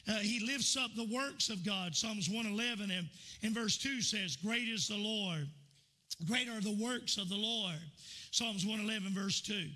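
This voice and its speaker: A man's voice: high-pitched, normal speed, pushed and bright. A man preaching a sermon in a church, telling folksy stories full of fillers and repeats. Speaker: pastor.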